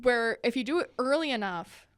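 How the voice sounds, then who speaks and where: A young woman with a fairly high voice, chatting as a podcast co-host. She tells stories in an animated way, laughing often and acting out what people said. The sound is close and dry, with no room around it. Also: normal speed, smooth, no echo. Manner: animated, laughing storyteller who acts out quotes. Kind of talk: casual chat.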